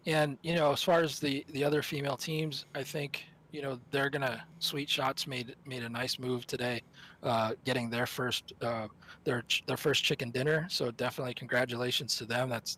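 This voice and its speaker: A man's voice: mid-range voice, a bit bright. A man commentating a live esports tournament stream, analysing teams in a rambling, self-correcting way.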